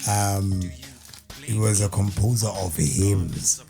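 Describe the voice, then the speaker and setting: A South African man talks in a relaxed, meandering way, full of fillers. His voice sits low. Faint music plays under him in the radio studio. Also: slow, vocal fry. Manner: laid-back, rambling with many fillers. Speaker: rapper guest. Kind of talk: casual interview chat and rapping.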